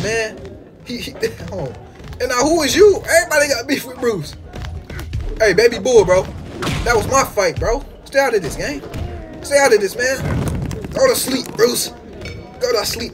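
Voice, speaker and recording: Young dude yelling over a wrestling game, high voice bouncing all over, music going behind him. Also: male voice. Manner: excitable, trash-talking, slangy, jumps from mumbles to yelps. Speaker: gaming YouTuber. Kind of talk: casual gameplay commentary.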